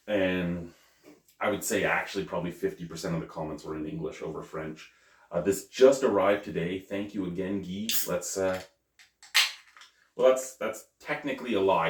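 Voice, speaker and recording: A man casually reviewing a beer on camera, chatty and thinking aloud, correcting himself as he goes. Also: low voice. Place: at home. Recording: roomy, mic at a distance.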